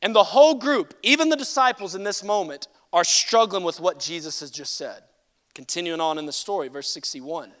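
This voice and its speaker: Animated high-voiced male pastor preaching. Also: normal speed. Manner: animated and humorous, swinging from loud declarations to quiet asides; acts out voices in quoted speech. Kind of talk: sermon.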